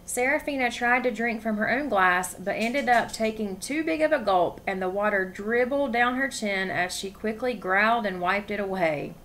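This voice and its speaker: A woman reading a novel aloud with expression, pausing to ask her listeners questions. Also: medium pitch, fairly bright tone, a little hiss or hum. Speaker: story reader.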